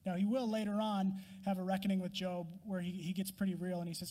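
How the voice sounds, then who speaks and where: A man's voice: sits high, level tone, brisk, hardly any pauses, darkish tone, big-room sound. A man preaching a sermon, emphatic and honest, acting out Job's complaints to God with rising intensity and dropping to whispers. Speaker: pastor.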